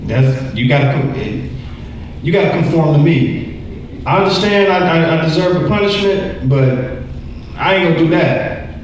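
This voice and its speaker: A man in his forties teaching a Bible lesson in an animated way, acting out quoted voices and repeating words. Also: on the high side, measured pace, pauses often, a little hiss or hum. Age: 40s. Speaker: church teacher. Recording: echoey room from far off.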